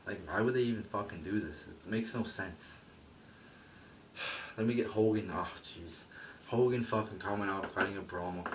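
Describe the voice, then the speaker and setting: A man's voice: low voice, a bit bright, far from the mic, slight background noise. A man reviewing a wrestling show in a blunt, profane and dismissive rant, often trailing off and restarting.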